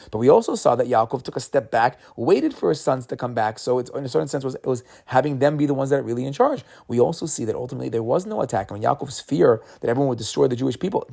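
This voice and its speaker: A man with a gravelly, dark and mellow voice gives an informal Torah talk. He speaks in a loose, conversational way, often repeating words as he restarts a thought. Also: mid-range voice. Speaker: Torah teacher. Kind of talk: casual weekly Torah talk.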